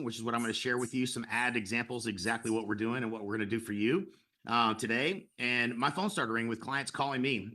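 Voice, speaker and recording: A middle-aged man pitches his program in a quick, eager webinar delivery. His voice is bright and forward, and he stacks fillers and restarts as he pushes on. He sounds persuasive. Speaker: real estate broker pitching to agents. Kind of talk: sales webinar talk.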